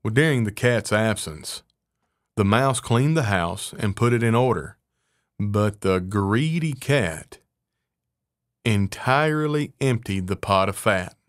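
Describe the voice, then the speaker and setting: A man reading a fairy tale aloud in a measured, unhurried way. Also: on the low side, lively intonation, dry recording, clean studio sound. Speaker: narrator.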